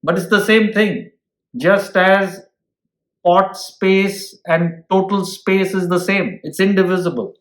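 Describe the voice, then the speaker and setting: A man teaching an ancient scripture at an unhurried pace, stopping to ask his listeners "hmm?" and reaching for everyday examples. His voice sits a little high for a man. The room gives it a noticeable echo. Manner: explains with homely examples and asks listeners "hmm?". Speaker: spiritual teacher. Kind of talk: scripture lecture.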